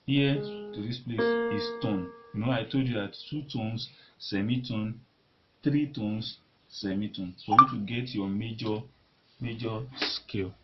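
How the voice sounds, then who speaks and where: A man with a fairly low voice teaches beginners at the piano, stopping and restarting his sentences as he plays. The recording is dull and lo-fi, and loud piano notes sound under his talk. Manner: halting, repeats words while demonstrating at the keyboard. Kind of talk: casual piano lesson. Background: piano notes being played.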